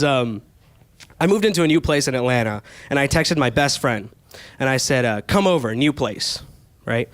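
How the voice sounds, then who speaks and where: A man's voice: on the high side, no echo. A young man performing a stand-up comedy set on a club stage, telling stories with quoted back-and-forth exchanges. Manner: animated storytelling with quoted exchanges.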